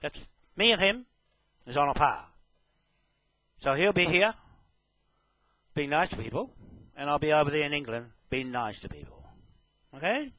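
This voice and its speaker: A man making a public statement straight to camera, slow and emphatic, often checking "okay?". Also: fairly high pitch, sing-song, pushed and bright, no echo, poor audio. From New Zealand. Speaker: self-proclaimed land claimant making a public statement. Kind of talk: direct address to camera.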